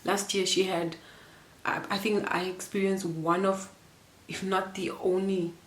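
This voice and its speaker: A woman's voice: mid-range voice, flat delivery, a little slow, roomy sound. A young woman from Namibia telling a personal story to camera in a casual, rambling and emotional way, with many fillers and restarts. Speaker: vlogger.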